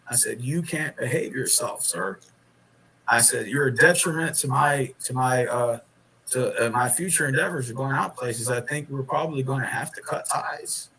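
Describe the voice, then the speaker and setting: A man's voice: medium pitch, sharp tone, low-quality recording. A man casually telling a rambling, profane story about getting thrown out of a bar. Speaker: guest in a clip being reacted to.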